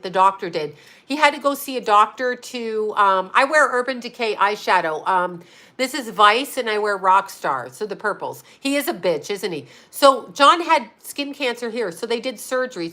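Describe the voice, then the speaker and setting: A woman vlogger tells a story straight to her viewers. Her voice is fairly high and bright, with a forceful edge. She talks casually and swears freely. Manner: animated, profane, laughs often.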